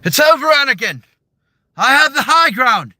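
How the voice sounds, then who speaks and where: A man playing a heartbroken young Jedi knight, shouting in a strained voice pitched far above his own. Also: sing-song, normal speed, no echo, exaggerated voice. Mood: anguished.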